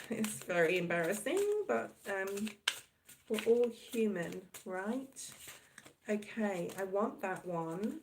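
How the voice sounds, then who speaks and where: A woman's voice: medium pitch, slight background noise, low-quality recording. A woman giving a casual tarot reading to camera, rambling and reassuring, checking in often with the viewer. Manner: rambling, reassuring, filler-heavy with frequent "okay?". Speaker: tarot reader.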